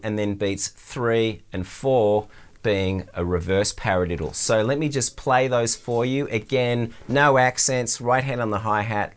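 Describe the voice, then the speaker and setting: A middle-aged Australian man teaching drums, explaining stickings in a relaxed way. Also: fairly low pitch. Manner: relaxed, explanatory, counts in before playing. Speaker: drum teacher. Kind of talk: instructional demonstration.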